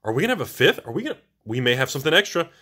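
Excitable man with a lively voice. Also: medium pitch, rapid-fire, breathy edge. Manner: excitable, exclamatory, hyped-up. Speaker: host of a card-collecting channel. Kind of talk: casual booster box opening.

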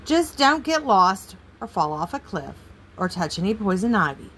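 A woman's voice: mid-range voice, big pitch swings, moderate pace, fairly bright tone, a little hiss or hum, low-quality recording. A woman reading aloud, voicing a cheerful, motherly woman who fusses and cautions in a raised voice. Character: cheerful, fussing storybook mother.

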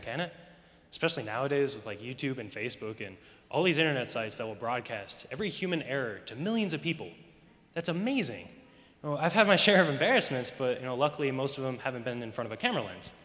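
A man's voice: medium pitch, pushed and bright. A teenage boy doing rambling, self-mocking stand-up comedy on a school talent show stage. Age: teens. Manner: rambling, self-mocking, lots of "you know". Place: large school auditorium stage. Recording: echoey hall.

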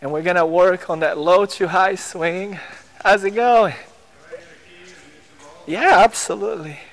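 A man's voice: high-pitched, a little slow, fairly bright tone. A man coaching young players on a tennis court, encouraging them with short drill commands.

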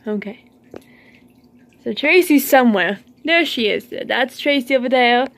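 Lady with a high voice chattering at her pet fish, scolds em playfully, all excited. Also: unhurried. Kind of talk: casual vlog chatter to her pets.

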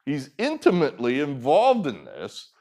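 A man's voice: on the high side, wildly swooping pitch, a little slow, dark tone. Rambling, sarcastic male commentator. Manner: rambling, sarcastic, many fillers and restarts. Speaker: political commentator. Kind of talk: casual commentary video.

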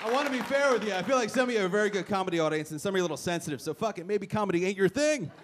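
A stand-up comic with a high-sitting voice talks very fast, brashly teasing a club audience with punchlines. Audience noise and laughter are audible in the live recording.

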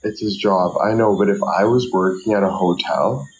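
A man chatting on a live stream, joking around loudly and bantering with his viewers. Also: sits low, moderate pace, dull audio. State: out of breath. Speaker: livestreamer. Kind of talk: casual live-stream chat.

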